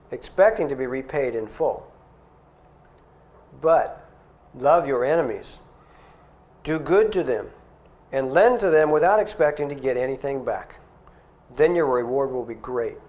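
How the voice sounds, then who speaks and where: A man's voice: a little high, darkish tone. A middle-aged man preaching a sermon in an earnest, conversational way, asking his listeners questions.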